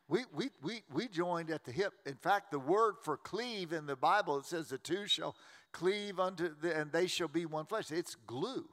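A man, preaching a sermon as a pastor in a folksy, joking way with quick restarts. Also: high-pitched, lively intonation, a bit bright. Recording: long reverb of a large hall.

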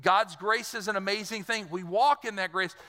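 A middle-aged man from south Louisiana preaching a sermon, with a folksy, conversational delivery and quick asides, heard in a church hall. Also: high voice, sharp tone. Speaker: pastor. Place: church sanctuary. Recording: long reverb of a large church hall.

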